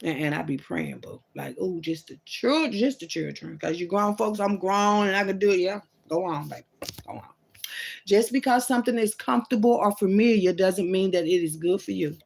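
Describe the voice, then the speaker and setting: A woman talks straight to her viewers in a loose, rambling monologue with a gravelly edge on her voice. Her pitch sits in the middle range. She calls them "baby" and "boo" and keeps dropping in "mm-mm" and "mm-hmm". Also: brisk, a little mellow. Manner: lots of "mm-mm" and "mm-hmm" asides.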